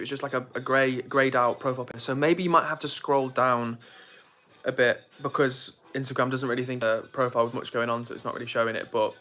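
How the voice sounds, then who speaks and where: Young male streamer, casual and chatty, bright voice, mid pitch. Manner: chatty, reads viewer comments aloud. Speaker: live streamer. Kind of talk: casual live-stream chat.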